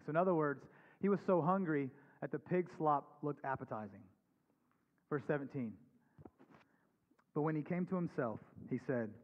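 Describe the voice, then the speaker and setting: A man's voice: on the high side, expressive, moderate pace, long pauses. A man preaching a sermon as pastor, reading scripture aloud and then explaining it in an earnest, conversational way. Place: church sanctuary. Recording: dull recording with long hall reverb.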